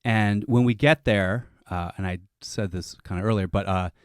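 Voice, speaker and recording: A low-pitched man tells a comic story on a podcast, rambling along and restarting his sentences as he goes. The sound is dry and close to the mic, with no room around him. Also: moderate pace, clear, resonant tone, no room sound. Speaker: comedian telling a story.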